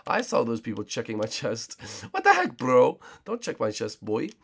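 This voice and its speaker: Hyped young man with a gravelly, animated voice. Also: medium pitch, normal speed. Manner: hyped, repeats himself, calls out other players. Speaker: gaming channel host. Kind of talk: excited gameplay commentary.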